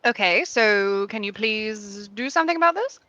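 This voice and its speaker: A woman playing her character in a tabletop game, flat and exasperated. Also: mid-range voice, normal speed, no room sound, dull audio. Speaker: player.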